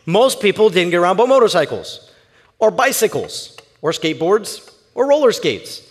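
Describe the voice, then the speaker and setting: Man, pastor, sermon, emphatic storyteller, high lively voice, echoing church hall. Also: moderate pace.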